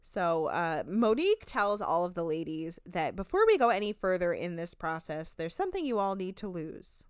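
A woman co-hosting a casual podcast, recapping a reality show with quick asides and frequent laughter. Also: on the low side, very animated, smooth, dry recording, studio quality. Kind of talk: casual chat.

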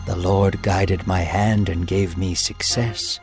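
A deceitful younger brother, as a male storyteller puts him on, speaking low, quiet and slow. Faint music hums behind this storybook scene. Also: little pitch movement, gravelly, full character voice. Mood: sly.

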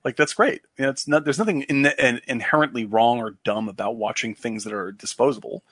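A man's voice: mid-range voice, a little fast, a bit bright, no echo, studio quality. A man in casual podcast chat, rambling with many fillers and restarts, swearing freely.

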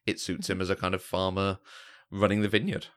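Man, low voice, co-host in a casual film chat, halting and repeating himself as he thinks. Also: little pitch movement. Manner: halting, repeats words when starting a thought. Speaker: podcast co-host.

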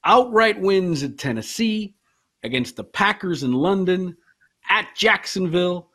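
A man's voice: high voice, animated, unhurried, bright, forceful tone. A man on a sports betting panel, talking about his picks in an enthusiastic, rambling way. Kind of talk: casual sports betting chat.

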